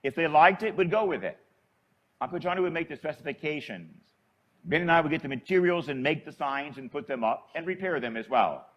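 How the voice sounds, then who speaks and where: A man's voice: a little high, expressive, a little fast, a bit bright, dull audio. A man, a priest, telling a story in a homily in a folksy, conversational way.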